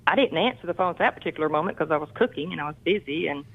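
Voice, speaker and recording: A woman's voice: deep voice, animated, rapid-fire, husky. A woman calling in to a radio advice show, earnestly recounting family frustrations. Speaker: caller. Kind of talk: phone-in conversation. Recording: dull phone-line sound.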